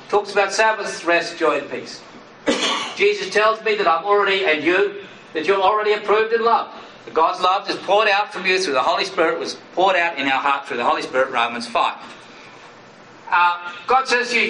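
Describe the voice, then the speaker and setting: A man preaching a sermon as pastor, earnest, who now and then acts out inner voices in sudden higher bursts. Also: expressive, normal speed, pushed and bright, reverberant, recorded from a distance, slight background noise, low-quality recording.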